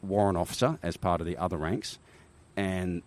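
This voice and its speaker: A middle-aged Australian man with a very low voice tells stories in a relaxed interview. He rambles, doubles back on his phrases and keeps checking in with "right?". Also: normal speed. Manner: rambling with restarts and frequent "right?" tags. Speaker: podcast guest, army helicopter veteran. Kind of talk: casual interview storytelling.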